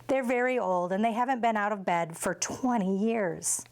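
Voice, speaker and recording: A woman's voice: mid-range voice, normal speed, a little mellow, natural voice. A woman reading aloud from a storybook and voicing an eager, earnest young boy.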